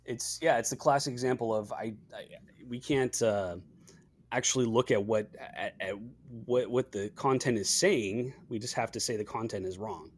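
A man co-hosting a casual podcast chat, relaxed and trailing off quietly at the end of his thoughts. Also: medium pitch, normal speed, husky. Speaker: podcast co-host.

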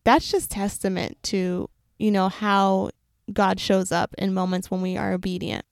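Earnest woman with a gravelly edge. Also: mid-range voice, flat delivery, no room sound, clean studio sound. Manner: earnest and reflective, with quick runs of words. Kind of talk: personal faith testimony, casual.

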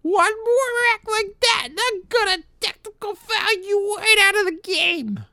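A grumpy, strict old man scolds in a piercing, squeaky voice far above the speaker's own range. He sounds set back from the mic. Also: a little slow, bright, forceful tone, dry recording, studio quality, heavily acted. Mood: scolding. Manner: shrill, scolding.

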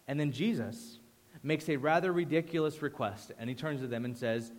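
A man preaching a sermon as pastor, conversational and animated, dropping to a hush for emphasis. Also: fairly high pitch, moderate pace, in a large hall. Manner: animated, conversational storytelling with sudden hushed drops.

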